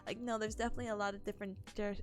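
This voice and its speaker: A woman's voice: mid-range voice, flat delivery, racing. A young woman streaming a casual study session, bubbly and chatty, laughing often as she talks. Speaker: student streamer. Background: soft lofi music.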